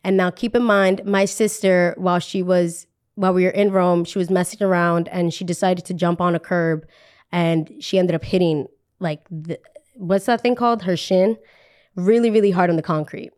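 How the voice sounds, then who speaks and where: A woman's voice: on the low side, fairly even intonation, moderate pace, a little mellow, clear, resonant tone. Young woman telling a chatty story. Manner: chatty, repeats phrases for emphasis, frequent "like". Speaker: podcast host telling a story. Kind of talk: casual storytelling.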